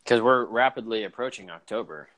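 A man co-hosting a podcast in casual chat, relaxed, laughing often and calling people "dude". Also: on the low side, fairly quick. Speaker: podcast co-host.

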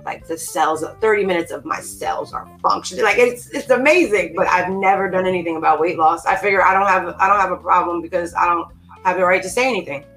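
A woman guest on a casual podcast, talking in a bright, forward voice. She rambles, restarts her sentences and cuts herself off. Faint music plays behind her. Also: lowish voice, a little fast, rough recording. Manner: rambling, self-interrupting. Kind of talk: casual chat.

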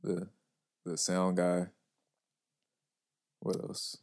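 A man's voice: low voice, monotone, drawn-out words, vocal fry. A young man, the show's one-person production crew, chatting casually in an easygoing way. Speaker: videographer and producer. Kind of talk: casual chat.

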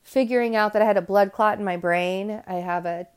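A woman's voice: medium pitch, steady tone, fairly quick, clear, resonant tone. A woman hosting a podcast, talking to her listeners in a candid, rambling monologue full of asides and restarts. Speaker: podcast host.

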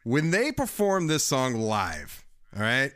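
A man's voice: mid-range voice, huge pitch swings, slow, a bit bright. A man co-hosting a podcast in casual, enthusiastic, rambling chat. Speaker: podcast co-host.

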